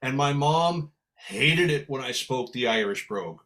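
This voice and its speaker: An older man from San Francisco, a veteran musician, telling lively stories in an interview and slipping into voices. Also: medium pitch, measured pace. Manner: animated storyteller who slips into Irish brogue for quoted voices. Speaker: guest musician. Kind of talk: storytelling in a podcast interview.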